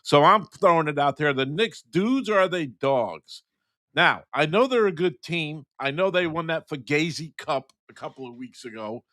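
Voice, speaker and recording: A man's voice: on the high side, lively intonation, normal speed, fairly bright tone, dry recording. New york guy ranting on a sports show, blunt and slangy, dry mic.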